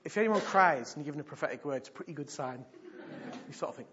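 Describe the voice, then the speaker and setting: Speaking very fast at a fairly high pitch, a male pastor preaches in church, animating his stories and repeating key points to drive them home. It's a dull lo-fi recording of the sermon.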